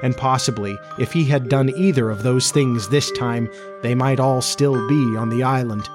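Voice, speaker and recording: A man hosting a podcast, reading a children's story aloud in a measured, gentle way. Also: medium pitch, over music. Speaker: podcast host and narrator.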